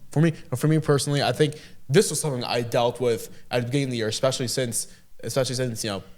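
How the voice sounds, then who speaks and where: A man's voice: medium pitch, steady tone, very fast, darkish tone. A teenage boy answering interview questions, rambling with many restarts. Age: teens. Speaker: student guest.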